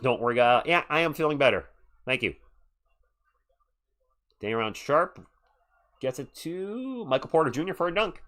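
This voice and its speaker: A man's voice: on the high side, animated, fairly bright tone. Chatty male play-by-play streamer. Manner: chatty, answers the chat between rapid play calls. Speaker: live stream sports commentator. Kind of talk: live play-by-play and chat reactions.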